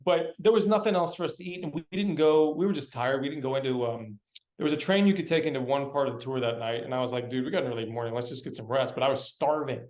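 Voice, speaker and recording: Animated male actor guest, echoey room. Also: on the high side, fast. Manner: animated, laughing, dude-and-bro slang. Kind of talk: casual storytelling interview. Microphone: video call.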